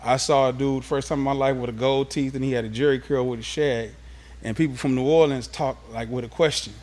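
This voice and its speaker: A man from Los Angeles sits as an interview guest and tells stories of his youth in a relaxed, streetwise way. His voice sits at an ordinary middle pitch. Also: fairly quick. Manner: animated, streetwise storytelling. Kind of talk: casual storytelling interview.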